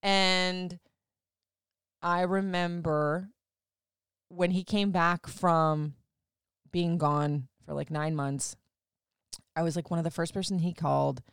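Low-voiced woman telling a story casually. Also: flat delivery, takes it slowly, pauses often, clear, resonant tone, no echo, clean studio sound. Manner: chatty, swears freely, many "like" fillers. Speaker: podcast host.

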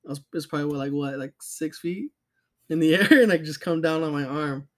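A man's voice: on the high side, a little fast. A young man co-hosting a podcast, telling stories in a loose, profane way, full of fillers and laughter. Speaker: podcast co-host. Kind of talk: casual chat.

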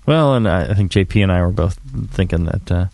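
A man who hosts a podcast, talking in a relaxed, rambling way full of fillers. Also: sits low, brisk, no echo. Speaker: podcast host. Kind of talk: casual homebrewing chat.

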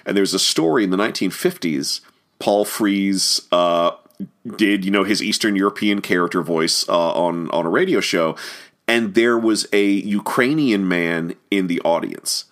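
A man's voice: low voice, unhurried, fairly bright tone. A man giving a rambling film commentary, with many fillers and restarts. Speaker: commentary host.

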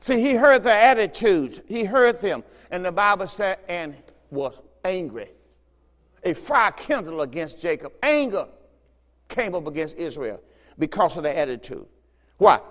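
A man's voice: sits high, big pitch swings, unhurried, a bit bright, long reverb tail. A man preaching a fervent sermon as pastor, repeating phrases and urging his listeners on. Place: church sanctuary.

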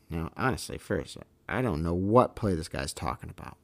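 A middle-aged man with a deep, creaky voice speaks at a moderate pace in an animated way. He's a veteran baseball umpire hosting his own podcast, telling stories in a casual monologue. He's emphatic, constantly checking in with "okay?" and "all right?" to drive his points home.

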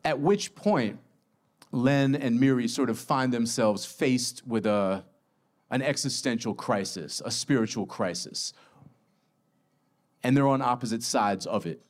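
A man's voice: medium pitch, measured pace. Casual male author telling a story. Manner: casual, self-deprecating, lively storytelling. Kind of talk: book talk summarizing his novel.

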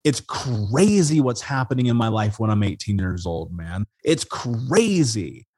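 Husky-voiced man telling his story. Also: fairly low pitch, measured pace, dry recording. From Indiana, USA. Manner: animated, profane, says "dude" and "man". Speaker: interview guest. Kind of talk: casual storytelling.

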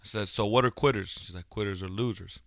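A man's voice: fairly low pitch, fast, fairly bright tone, no room sound, studio quality. A man in his thirties talking casually on his own podcast, a blunt storyteller who swears freely. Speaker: podcast host. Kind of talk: casual solo podcast monologue.

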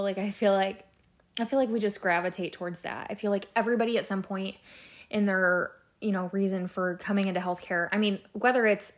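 A woman's voice: mid-range voice, brisk. Rambling candid woman podcaster. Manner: rambling, filler-heavy, candid and expressive, swears casually. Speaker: podcast host, labor and delivery nurse. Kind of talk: casual solo podcast chat.

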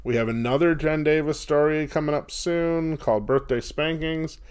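A man's voice: a little high, moderate pace, darkish tone, clear, resonant tone. A man hosting a podcast, chatting casually with loose, filler-heavy phrasing. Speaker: podcast host. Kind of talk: casual chat.

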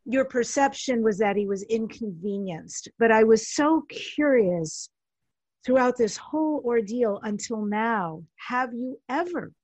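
A woman's voice: a little high, lively intonation, a little slow, a little mellow, breathy edge, no room sound. Curious woman interviewer, dry sound. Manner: empathetic, curious questioning. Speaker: interviewer, host. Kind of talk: conversational interview.

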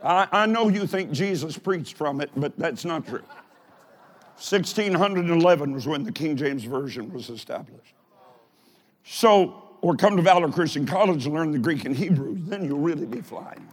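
A pastor preaching a live sermon in a folksy, plain-spoken way, with emphatic bursts of shouting. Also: male voice, a little high, expressive, normal speed. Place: large church or college auditorium.

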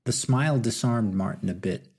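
A man narrates a novel in a steady, measured way. His voice is gravelly and husky, with a dark, mellow tone. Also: on the low side. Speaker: audiobook narrator. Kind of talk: scripted narration.

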